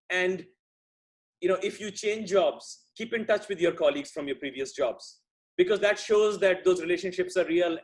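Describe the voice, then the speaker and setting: A middle-aged man from India gives a conversational talk as a guest speaker. His voice sits fairly high for a man. He speaks thoughtfully and often restarts his sentences. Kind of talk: talk on workplace relationships.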